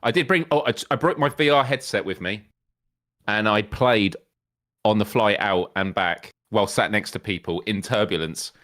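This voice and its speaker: A man's voice: lowish voice, moderate pace, a bit bright, no echo, studio quality. A man co-hosting a casual gaming podcast, bantering dryly and playfully. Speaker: co-host.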